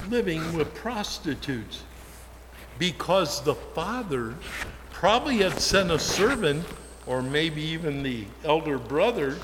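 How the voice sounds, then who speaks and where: Speaking in a conversational style, a pastor delivers a sermon at church and frequently asks the congregation questions. His voice is on the high side and a bit bright, heard through long church reverb.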